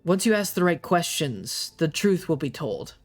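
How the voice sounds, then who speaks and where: A game master voicing a mysterious male elf elder with a pipe, speaking slowly and cryptically. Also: mid-range voice, sing-song, faint music behind. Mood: solemn.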